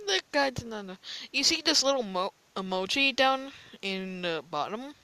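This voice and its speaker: A woman giving casual gameplay commentary, excitable, yelling taunts and giggling between lines. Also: a little high, unhurried, dry recording, rough recording. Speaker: gamer recording gameplay.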